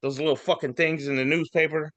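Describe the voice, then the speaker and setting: A man's voice: on the high side, fairly even intonation, fairly quick, fairly bright tone, dry recording, dull audio. A man co-hosting a casual podcast, reading memes aloud in a rambling, swearing, laughing way. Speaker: podcast co-host.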